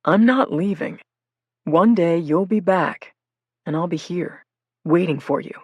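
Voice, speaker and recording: Gentle young man, as a woman reads him. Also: on the low side, measured pace, husky, no room sound. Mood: gentle, pleading. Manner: soft, gentle, pleading. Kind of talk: audiobook character voice.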